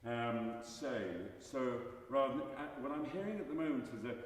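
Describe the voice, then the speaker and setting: A man coaching a singer in a masterclass, animated and jokey, often restarting his sentences and singing short examples. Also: mid-range voice, moderate pace. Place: large recital hall. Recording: echoey hall from far off.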